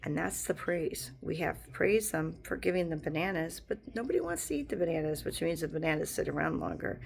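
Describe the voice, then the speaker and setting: Woman streamer with a gravelly voice, drifting from thought to thought. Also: deep voice, animated, a little fast. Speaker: live streamer. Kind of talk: casual rambling monologue.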